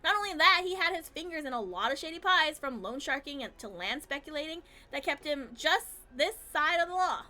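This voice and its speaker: A woman's voice: high voice, lively intonation, fairly quick, few pauses, sharp tone. A woman voicing an arrogant, spoiled young heir who talks down to everyone. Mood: bitter. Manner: haughty, smug, condescending.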